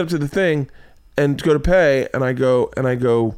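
A man's voice: medium pitch, fast talker, no room sound, clean studio sound. A middle-aged man telling family stories in a casual chat, swearing freely and acting out his kids' voices. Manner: animated, profane, acts out family voices. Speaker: podcast guest, husband.

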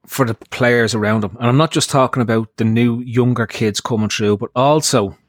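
A man with an Irish accent co-hosting a football podcast, bantering fast and joking with exaggeration. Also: mid-range voice, fairly even intonation, no room sound, clean studio sound. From Ireland. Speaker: podcast co-host. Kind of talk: casual chat.

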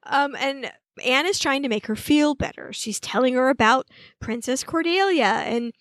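A woman co-hosting a podcast, casually recapping a TV episode and acting out character lines with lively energy. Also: high-pitched, normal speed, dry recording. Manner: animated retelling, acts out character lines. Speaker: podcast co-host.

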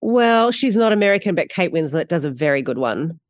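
A middle-aged woman with an Australian accent, a guest actor telling stories in a casual interview, animated and quick in bursts, laughing often. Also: lowish voice, no echo, clean studio sound.

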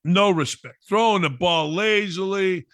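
A man with a bright, forceful voice, slightly high for a man, hammers home his sports opinions in a talk-show monologue. He repeats points for emphasis and slips into mocking asides. His voice sounds close and dry, with no room around it. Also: measured pace, dry recording.

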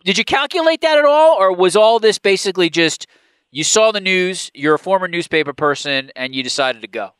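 A man's voice: high voice, expressive, brisk, fairly bright tone, clear, resonant tone, dry recording. A man interviewing a guest, asking long, carefully built questions.

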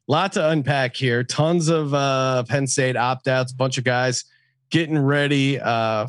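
Higher-voiced man hosting a betting podcast. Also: no room sound. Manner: reads lines and odds, throws questions to co-hosts. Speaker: podcast host. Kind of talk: casual sports betting talk.

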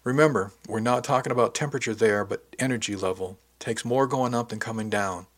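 A man's voice: on the low side, natural voice. A man reading as a teasing, bossy young woman officer. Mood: brisk. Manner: playful, teasing, brisk. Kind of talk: audiobook dialogue reading.

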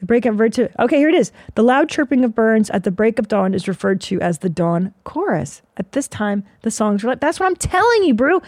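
Woman host, 40s, gravelly and dry, swears freely in a rambling solo monologue. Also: a little high, sing-song, a little fast, few pauses, a little mellow, no echo. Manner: profane, rambling, self-mocking. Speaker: podcast host.

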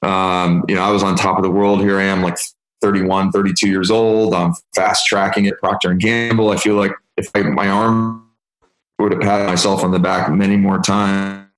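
A man's voice: sits low, normal speed, soft background music. Man in his fifties telling candid stories. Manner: candid, animated storyteller. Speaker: guest. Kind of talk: storytelling interview answer. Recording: echoey room.

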